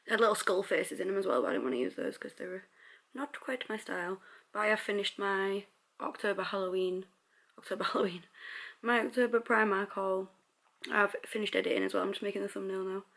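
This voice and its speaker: A young woman talks straight to a handheld camera at home in an easy, chatty vlog. Her voice sits at a middle pitch, and she giggles and pokes fun at herself as she rambles. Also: gravelly, a bit bright. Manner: chatty, giggly and self-deprecating. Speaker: vlogger. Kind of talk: casual vlog chat to camera. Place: at home indoors.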